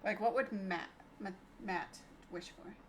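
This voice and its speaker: A woman's voice: medium pitch, a little slow, a bit bright, slight background noise. Chatty, teasing woman tabletop player. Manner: chatty, laughs often, teasing. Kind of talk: casual chat at a game table.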